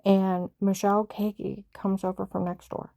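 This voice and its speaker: A woman's voice: medium pitch, level tone, normal speed, vocal fry, dark tone, no room sound. A middle-aged woman recounting a painful family story in a rambling, emotional way, with many fillers and restarts. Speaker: mother telling her story. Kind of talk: casual personal storytelling.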